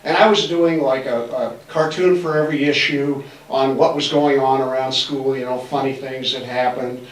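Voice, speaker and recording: A man's voice: mid-range voice, a little hiss or hum. A man in his sixties from Massachusetts, giving a folksy, joking storytelling talk in a library auditorium and acting out the voices of people he quotes. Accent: faint Massachusetts. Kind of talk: storytelling lecture. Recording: roomy hall, distant mic.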